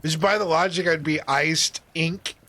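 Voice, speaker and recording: A man casually chatting while streaming a game, joking and self-deprecating, thinking out loud. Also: fairly high pitch, steady tone, a little slow, no echo. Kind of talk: casual live-stream chat.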